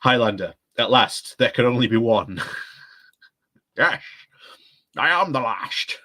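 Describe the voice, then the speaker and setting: A man's voice: medium pitch, expressive, slow pace, pushed and bright, exaggerated voice. A man doing a mock-grand Scottish-accented impression of an old immortal swordsman.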